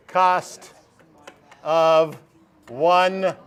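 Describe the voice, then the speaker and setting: A man teaching a math class, lively and joking as he talks straight to his students in a classroom. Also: fairly high pitch, moderate pace. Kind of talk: classroom lesson.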